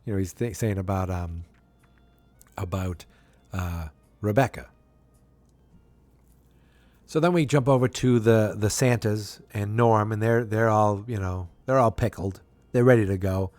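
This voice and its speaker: A man casually recapping a sitcom episode, rambling with frequent ums and restarts, and jumping into a higher voice to act out the characters' lines. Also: a little slow, pauses often, darkish tone, no echo. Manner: acts out characters' quotes in a higher voice.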